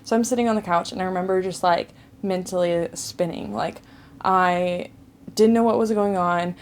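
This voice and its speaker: Chatty young woman, lower-pitched, many "likes". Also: steady tone, normal speed, a little hiss or hum. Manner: chatty, says "like" often, relives distress. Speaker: vlogger telling her birth story. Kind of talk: casual storytelling to camera.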